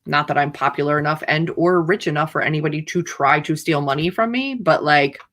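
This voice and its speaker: Low-voiced woman chatting on a livestream. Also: fairly quick, noisy background. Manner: chatty, rambling, playfully dramatic. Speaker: author hosting writing sprints. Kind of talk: casual livestream chat.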